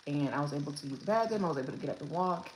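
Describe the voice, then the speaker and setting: A young woman tells her labor story in a casual vlog, her voice sitting low and relaxed. She rambles, restarts and fills gaps with "like" and "um". The room is echoey with a faint hum of noise behind her. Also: very fast. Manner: chatty, rambling with many fillers and restarts. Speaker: new mother telling her birth story. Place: room at home with her baby.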